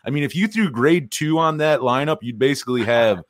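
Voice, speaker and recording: A man's voice: medium pitch, lively intonation, a little fast, no echo. A man hosting a casual music podcast, loose and swearing, often restarting his questions. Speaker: podcast host.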